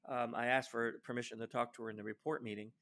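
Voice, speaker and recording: Man telling a lively work story. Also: mid-range voice, quick pace. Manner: animated storyteller who acts out quoted lines; frequent fillers and restarts. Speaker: guest social engineer. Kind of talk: storytelling in a podcast interview.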